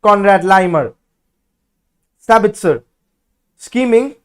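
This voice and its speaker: High-voiced man doing live match commentary. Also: slow pace, clear, resonant tone. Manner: excitable, blunt and outspoken. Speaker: watch-along host.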